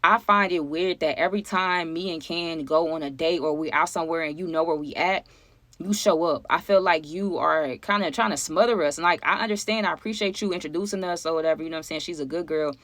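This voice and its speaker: Woman, lowish voice, casual storytime chat, animated, keeps asking viewers, dry close sound. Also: a little fast, dry recording. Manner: animated, conversational, asks viewers for opinions. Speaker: storytime vlogger.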